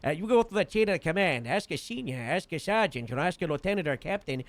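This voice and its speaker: A man's voice: sits high, lively intonation, quick pace, no room sound. A man playing a police captain in a role-play, giving a casual briefing that rambles, full of "uh" and "you know".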